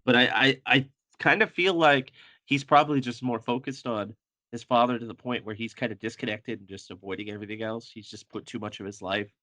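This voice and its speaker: A man's voice: lowish voice, fairly even intonation, a little fast, sharp tone, no room sound. A man co-hosting a podcast, joking crudely about a comic and laughing often. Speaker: podcast co-host. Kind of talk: casual comic book chat.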